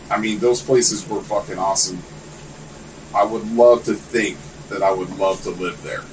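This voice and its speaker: Low-voiced man rambling through stories. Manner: rambling, animated storytelling with lots of swearing. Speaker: podcast guest. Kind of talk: casual chat. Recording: distant mic with faint air-conditioner hum.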